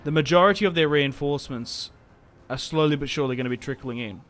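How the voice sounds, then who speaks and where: A man's voice: a little high, quick pace, fairly bright tone. A young man giving casual, joking commentary over his own strategy game, often trailing off and restarting. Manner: chatty, joking, self-interrupting. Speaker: gaming channel host.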